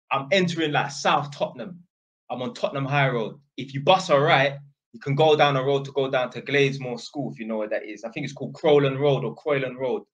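A man's voice: a little high, a bit bright. A man vlogging, telling a story in a rambling, slangy way and tagging lines with "innit". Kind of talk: casual storytelling.

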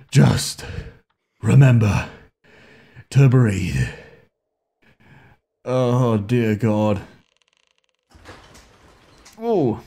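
A male gaming host gives anxious commentary on a horror game, cursing often, coaxing and scolding the characters, and yelping upward when startled. His voice is medium-pitched and mellow.

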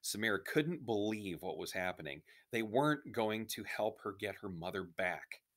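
Deep-voiced man reading a story aloud. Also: lively intonation, moderate pace, a bit bright. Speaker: reader of a children's novel.

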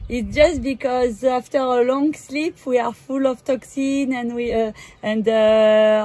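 Slow, halting woman with a French accent. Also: on the high side, a little mellow. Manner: halting, hesitant, many fillers, laughs often. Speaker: wellness coach. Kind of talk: casual instructional vlog.

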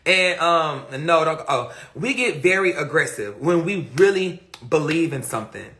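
High-voiced guy rambling on a phone live, cursing a lot, bright gravelly tone. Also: lively intonation, normal speed. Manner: rambling, profane and emphatic. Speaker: livestreamer answering viewer comments. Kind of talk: casual livestream chat.

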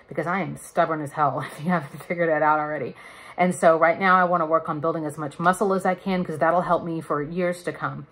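In a casual vlog, a thirtysomething woman chats candidly to camera in a low, steady, slightly bright voice at a fairly quick pace. Now and then she laughs.

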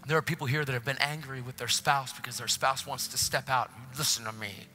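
A man preaching a passionate sermon in a church, often dropping into hushed whispers. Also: medium pitch, a little fast, soft background music. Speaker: guest preacher. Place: church, faint music behind.

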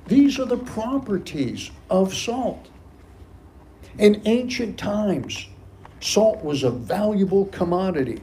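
A man's voice: high-pitched, big pitch swings, takes it slowly, dark tone, slight background noise. A man preaching a sermon as pastor of a church, emphatic and repeating key phrases for stress. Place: church sanctuary.

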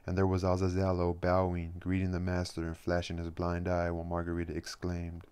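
Deep, flat-voiced male reader. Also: fairly quick, hardly any pauses, smooth. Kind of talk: audiobook reading.

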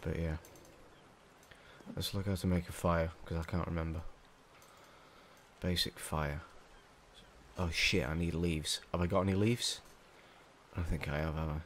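Deep-voiced English gamer, jumpy and swearing. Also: male voice, fairly even intonation, unhurried, long pauses, a little hiss or hum. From England. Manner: jumpy, swearing, panicky muttering. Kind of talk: let's play commentary. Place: small hot room at home.

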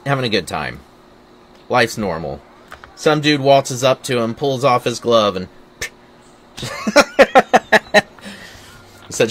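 A man's voice: medium pitch, expressive, slow pace, long pauses, a bit bright, a little hiss or hum. A young man hosting a gaming video, giving casual gameplay commentary, laughing constantly and swearing as he rambles jokes. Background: game music and battle sounds.

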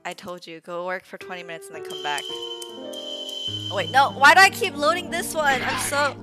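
A woman streaming a horror game live, reacting with frustration, swearing and sudden shrieks while talking to her chat over loud game music. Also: fairly high pitch, moderate pace. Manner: talks to chat viewers. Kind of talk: live gameplay commentary.

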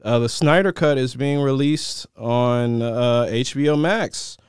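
A man's voice: mid-range voice, measured pace, clean tone, no room sound, studio quality. A man co-hosting a casual talk show, rambling and searching for words with many fillers. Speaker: podcast co-host. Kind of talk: casual chat.

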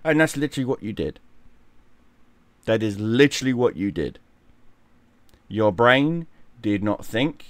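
A man giving mocking, profane commentary on a fight, scornful and animated. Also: on the low side, measured pace, long pauses, no room sound. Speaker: gaming and boxing commentator.

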